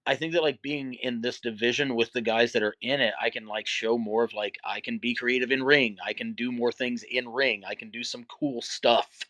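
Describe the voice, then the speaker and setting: A man's voice: medium pitch, pushed and bright, no echo. A middle-aged man, a wrestler guest, talking candidly and reflectively in a casual interview, with many fillers.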